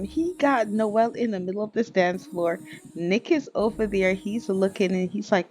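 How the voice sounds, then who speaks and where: A woman's voice: medium pitch, normal speed, darkish tone. A woman giving casual, chatty gameplay commentary as a YouTuber, often laughing and calling the viewers y'all. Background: faint background music.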